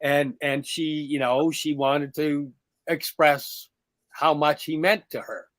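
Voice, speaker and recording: Middle-aged male podcast co-host, a lively storyteller who acts out the dialogue, slightly high voice. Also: slow, no room sound. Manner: animated, acts out quoted dialogue in a raised voice. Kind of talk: casual storytelling chat.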